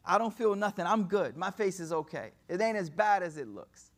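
A man voicing a wounded, devoted male companion who pleads loudly that he is fine. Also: high-pitched, lively intonation, normal speed, voice pushed up. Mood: pleading. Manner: loud, impassioned pleading.

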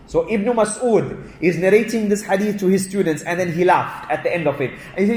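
A man's voice: high-pitched, fairly quick, few pauses, a little mellow. A man giving a religious lesson. He explains by repeating himself, uses fillers like "you know" and "et cetera", and reads short Arabic quotes before translating them. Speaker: religious teacher. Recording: roomy recording with faint background noise.

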